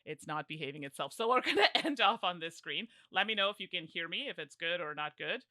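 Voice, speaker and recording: This young woman's fairly low, expressive voice has a sharp edge as she laughs at herself and chats through her moves while live-streaming a solo board game. The self-mocking, casual commentary is recorded dry.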